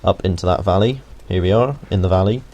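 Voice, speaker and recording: Speaking fast in a deep voice with a dark tone, a young UK man hosts a gaming video. He gives a laid-back, joking walkthrough full of tangents and the occasional curse. The audio sounds dull.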